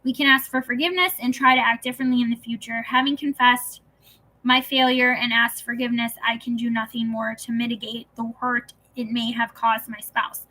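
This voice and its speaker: A woman reading an audiobook in a calm, even scripted narration with gentle emphasis. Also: a little high, fairly quick, low-quality recording.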